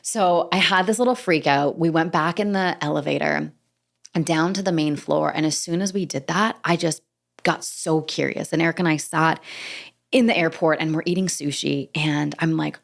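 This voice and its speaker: Podcast host, young adult woman: low, gravelly, casual and chatty, leans on fillers. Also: moderate pace. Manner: chatty, lots of "like" fillers, acts out dialogue. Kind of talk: casual solo storytelling.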